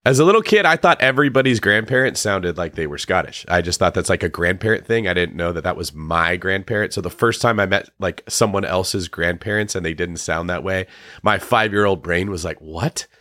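Low, dry-voiced joking co-host. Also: male voice, brisk, pushed and bright, dry recording. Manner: jokey, teasing. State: has a cold. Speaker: podcast co-host. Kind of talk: casual interview chat.

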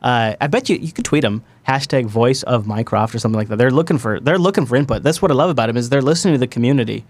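A man hosting a tech podcast, talking with excited emphasis and quick asides. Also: mid-range voice, no room sound. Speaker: podcast host. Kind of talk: enthusiastic tech podcast chat.

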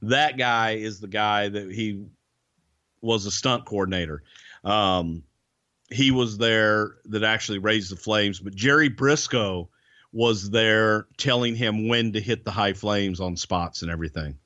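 A man's voice: on the low side, a little slow, bright, forceful tone, no room sound, dull audio. A man telling a backstage story in a casual interview, rambling with restarts and casual swearing. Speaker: guest, former wrestling TV producer.

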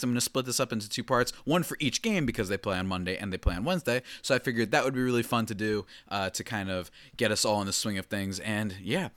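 A young man hosting a sports podcast, excitable and laughing often in casual chat. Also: mid-range voice, dry recording. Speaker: podcast host.

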